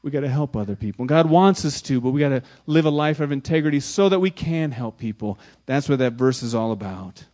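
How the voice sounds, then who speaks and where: A man preaching a sermon as pastor, speaking emphatically, swinging from loud exclamations to hushed lines, often repeating words for emphasis. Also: medium pitch, lively intonation, a little fast, few pauses.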